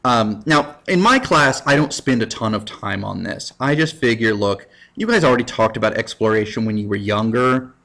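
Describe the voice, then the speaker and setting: A man, a high school history teacher, giving a casual recorded lecture with jokey, self-mocking asides. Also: normal speed, gravelly, hardly any pauses, a bit bright.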